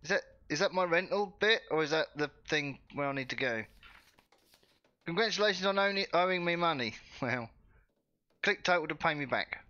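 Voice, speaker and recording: Male streamer, casual joking commentary, bright voice, a bit higher pitch, lo-fi stream audio. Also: animated, moderate pace. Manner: chatty, jokey, reads game text aloud. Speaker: game streamer. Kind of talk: live gameplay commentary.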